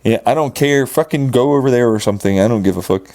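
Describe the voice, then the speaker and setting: A man's voice: medium pitch, fast, darkish tone, lightly acted. A man voicing a sulky, defiant particle that brushes everything off with curses. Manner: sneering, swearing, dismissive.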